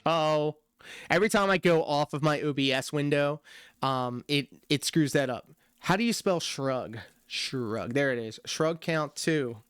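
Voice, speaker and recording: Male reaction streamer, slightly high voice, sarcastic, dry close-mic sound. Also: a little slow, a bit bright, smooth, no echo. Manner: sarcastic, laughs often. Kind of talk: casual reaction commentary.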